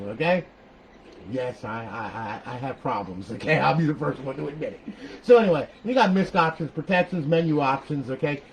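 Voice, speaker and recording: On a low-quality recording with slight background noise, a fairly high-pitched older man shows off a modded console build. His tutorial is a casual, rambling chat peppered with "okay?", "all right," and the occasional swear.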